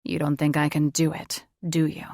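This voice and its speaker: A woman voicing a weakened male dragon shifter who speaks low and tender, murmuring to his lover. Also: monotone, normal speed, a little mellow, no room sound, clean studio sound. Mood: dejected.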